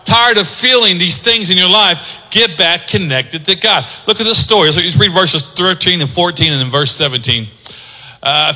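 In a church sanctuary, a male pastor delivers a sermon in a high, very bright, cutting voice. He shifts from quiet teaching into loud, rising exhortation, and a long hall reverb trails his words.

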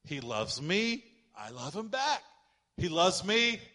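A man preaching with a high, bright voice that swells as he drives his points home. He calls on the congregation to repeat lines back and draws out key words for emphasis. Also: sing-song. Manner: slows down to stress key words. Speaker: pastor. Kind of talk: sermon.

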